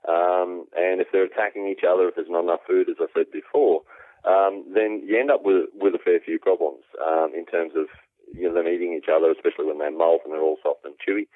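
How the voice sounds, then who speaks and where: A man with an Australian accent, an aquaponics specialist, explaining things at length in a relaxed way with many ums, heard over a phone call. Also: low-pitched, a little fast, no echo. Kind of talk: explanatory interview answers. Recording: tinny phone line, dry.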